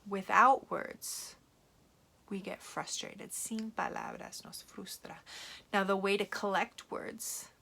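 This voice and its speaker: Bilingual teacher, woman, bright, animated read-aloud for kids, playful. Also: mid-range voice, unhurried, creaky, breathy edge. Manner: switches between English and Spanish, animated, playful.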